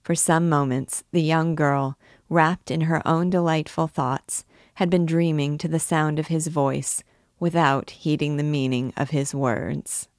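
A middle-aged woman and literature teacher reading a classic novel aloud in a measured, deliberate storytelling manner. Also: sits low, fairly even intonation, a little mellow, no echo, clean studio sound.

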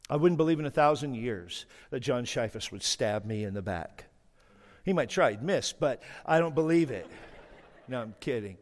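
A man's voice: mid-range voice, moderate pace. Humorous middle-aged male pastor in a reverberant church. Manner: humorous, animated storytelling, teasing the congregation. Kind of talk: sermon. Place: church sanctuary.

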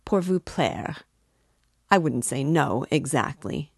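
A woman's voice: low-pitched, lively intonation, slow pace, vocal fry, husky, dry recording, clean studio sound, full character voice. A woman reading a novel aloud, voicing a sly, musing middle-aged landowner who talks in a rambling, confiding, oddly offhand way.

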